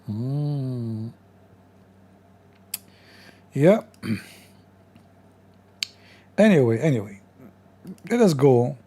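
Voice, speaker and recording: A male host delivers scornful commentary in broken English, full of sarcasm and insults. His voice sounds rough and strained, with a dark, mellow tone. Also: medium pitch, sing-song, extremely slow, pauses often. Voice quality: non-native English with broken grammar.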